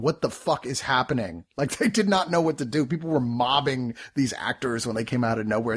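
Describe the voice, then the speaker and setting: A man talks casually and at length, his pitch swinging up and down as he tells the story. He swears freely and breaks into laughter. He slips into quick little impressions of the people he describes. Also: slightly rough. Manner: rambling, profane, laughs often, acts out quotes. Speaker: podcast co-host reviewing a TV series. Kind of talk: casual chat.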